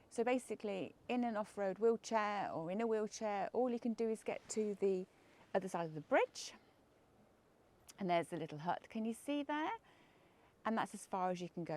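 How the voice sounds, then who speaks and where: A woman's voice: medium pitch, darkish tone. An English woman narrating a casual outdoor vlog from her wheelchair, chatty, often dropping to a murmur. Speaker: vlogger touring in a wheelchair. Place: outdoors on a quiet clifftop. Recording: noisy outdoor camera audio.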